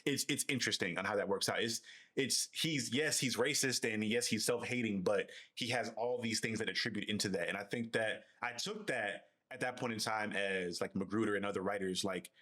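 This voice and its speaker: Low-voiced man thinking aloud. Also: a little fast, sharp tone. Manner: reflective, thinks aloud with restarts. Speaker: podcast co-host. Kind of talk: casual discussion.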